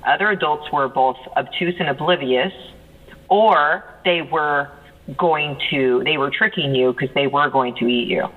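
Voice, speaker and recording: A man in casual conversation, explaining at length in an animated way. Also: a little high, measured pace, narrow, tinny audio. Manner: animated, talks in long explanatory runs. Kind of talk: casual chat.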